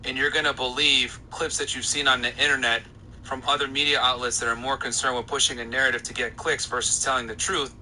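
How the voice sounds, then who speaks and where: A man's voice: mid-range voice, little pitch movement, fast talker, bright, forceful tone, low-quality recording. Young male podcast host, insistent, cutting edge to the voice, light hiss underneath. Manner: insistent, talks over interruptions. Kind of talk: heated podcast argument with a caller.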